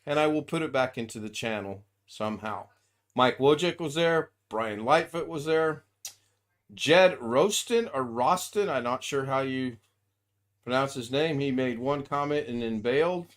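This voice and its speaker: Man, livestream host, rambling casual chat, middle pitch, desk mic. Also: normal speed. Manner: chatty, rambling, reads out viewer names. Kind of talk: casual live stream chat.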